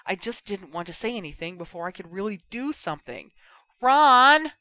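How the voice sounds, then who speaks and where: A man's voice: sits high, lively intonation, fast talker, a bit bright. A man reading a story aloud and voicing an impatient, fiery teenage girl with a heated, pleading manner. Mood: excited. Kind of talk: audiobook character voice.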